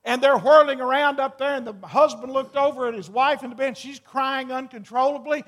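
A man's voice: very high-pitched, fairly even intonation, fairly quick, fairly bright tone. A middle-aged man preaching a sermon as pastor, earnest and folksy, drawing out key words for emphasis. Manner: folksy, talks straight to the congregation.

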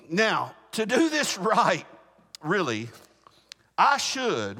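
A male Baptist preacher giving an animated sermon to his congregation. He restarts his words often and keeps asking the room whether they follow him. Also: on the high side, big-room sound.

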